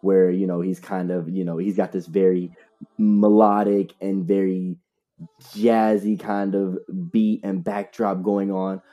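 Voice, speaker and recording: A man speaks in a very deep, very dark and mellow voice, weighing his points carefully. He talks in a measured, analytical way, pausing on fillers. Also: level tone, faint music behind. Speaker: podcast panelist. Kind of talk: casual album discussion.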